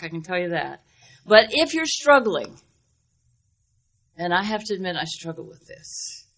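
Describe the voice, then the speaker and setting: An older woman preaching a sermon in an earnest, emphatic way, slowing down to stress key words and telling folksy stories with acted-out dialogue. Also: medium pitch, a bit bright. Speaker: speaker at a women's Bible teaching.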